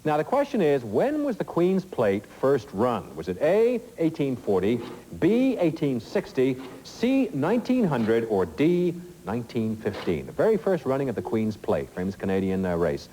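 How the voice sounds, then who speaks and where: A man's voice: medium pitch, wildly swooping pitch, normal speed, few pauses, warm tone, in a large hall, a little hiss or hum, poor audio. A middle-aged man hosting a TV quiz show, reading questions and chatting in asides full of fillers, in a studio. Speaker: game show host.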